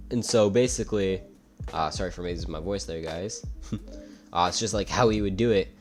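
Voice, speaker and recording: A man's voice: low voice, fairly quick, faint music behind. A young man telling a story in casual commentary, rambling, with frequent uhs and restarts. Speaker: YouTube commentator.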